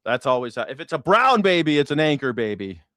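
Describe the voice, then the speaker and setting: A man's voice: a little high, big pitch swings, brisk, fairly bright tone, no echo, studio quality. A man hosting a news reaction stream, ranting sarcastically and swearing as he argues with his chat. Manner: profane, sarcastic, arguing with chat. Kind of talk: heated political commentary.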